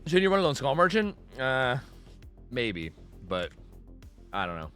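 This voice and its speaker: A young man streaming a game, talking in a loose, rambling way full of fillers and swearing. His pitch swings all over the place, and some faint game music plays underneath. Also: big pitch swings, unhurried, a bit bright, smooth. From Pennsylvania, United States. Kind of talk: casual gameplay commentary.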